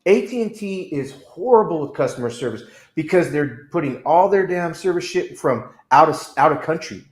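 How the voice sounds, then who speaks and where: A man co-hosting a casual livestream chat, telling profane, animated stories and slipping into put-on voices. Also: on the high side, normal speed, reverberant. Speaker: co-host.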